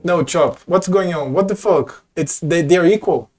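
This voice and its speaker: Slow-talking, excitable male game streamer. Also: a little high, soft background music. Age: adult, former teacher. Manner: excitable, swears often, thinks aloud. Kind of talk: casual live gameplay commentary.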